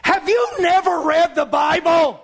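A man preaching, acting out an exasperated adult male Jesus scolding his disciples loudly. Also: very high-pitched, unhurried, gravelly, pitched above the performer's own voice, heavily acted.

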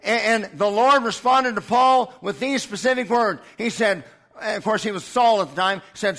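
A man's voice: high-pitched, moderate pace, pushed and bright. A man preaching a sermon, fiery and indignant, building his points with repeated refrains.

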